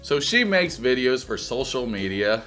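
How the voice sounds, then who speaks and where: A man's voice: medium pitch, big pitch swings, moderate pace, bright, forceful tone, soft background music. A man giving crude, profane, joking commentary while reviewing a reality TV show. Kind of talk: comedic reaction commentary.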